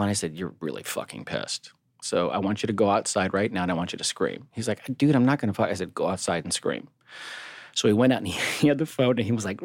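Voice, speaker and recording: A man's voice: fairly low pitch, creaky, no echo, studio quality. A middle-aged man talking candidly and bluntly as a podcast co-host, swearing freely and speaking with emphasis. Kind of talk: candid personal talk.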